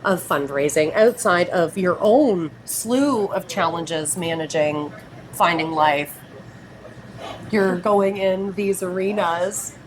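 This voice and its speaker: A woman's voice: lowish voice, takes it slowly, noisy background. A woman, hosting a talk show, who speaks in an effusive, gushing way and gets tearful. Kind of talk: emotional interview talk.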